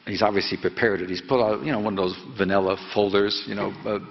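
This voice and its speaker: A man in his seventies, a reporter telling a story and quizzing students in a lecture hall, halting and full of fillers. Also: lowish voice, fairly even intonation, vocal fry. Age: 70s. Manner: prods the audience with quick questions. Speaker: reporter giving a talk to students. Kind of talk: lecture storytelling with audience questions. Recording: echoey hall, dull lo-fi sound.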